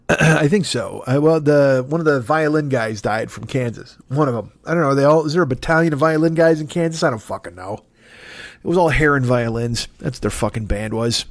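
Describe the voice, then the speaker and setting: A man's voice: medium pitch, moderate pace, no room sound. A man hosting a solo comedy podcast, rambling and sardonic, swearing freely. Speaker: podcast host.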